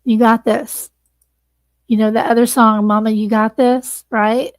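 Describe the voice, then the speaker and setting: A woman with a slightly high voice signs off her casual livestream, thanking viewers earnestly and nearly in tears. She speaks in a level tone without hurrying, and the recording is dry.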